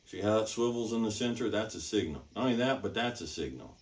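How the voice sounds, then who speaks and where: A man's voice: fairly low pitch, expressive, quick pace. A man teaching horsemanship in an emphatic, repetitive way, often checking in with "okay?" and "all right?". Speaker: horsemanship instructor. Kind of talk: teaching demonstration. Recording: distant mic.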